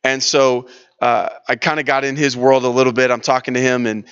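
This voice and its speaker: Smooth-voiced man leading a church workshop. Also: medium pitch, flat delivery, a little fast, fairly bright tone, muffled recording. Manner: casual storytelling, lots of restarts and fillers. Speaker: church leadership workshop leader. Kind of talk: conversational teaching session.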